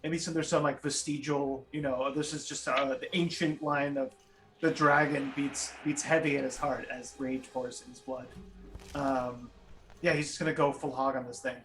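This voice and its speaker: A man playing in an online tabletop game who talks eagerly and rambles, full of fillers and quick laughs. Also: mid-range voice, steady tone, a bit bright. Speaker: player. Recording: distant voice with faint music.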